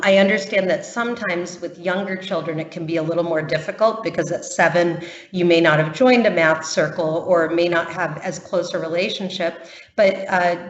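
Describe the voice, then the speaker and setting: Woman explaining admissions in a webinar. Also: fairly low pitch. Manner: patient, reassuring, with frequent ums. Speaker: camp admissions presenter. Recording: muffled, roomy webinar audio.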